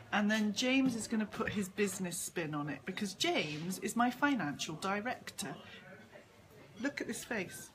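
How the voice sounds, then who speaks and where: A woman's voice: mid-range voice, noisy background. A woman hosting a casual live stream from a pub, chatty and giggly as she greets viewers and jokes with her guest. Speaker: host and author.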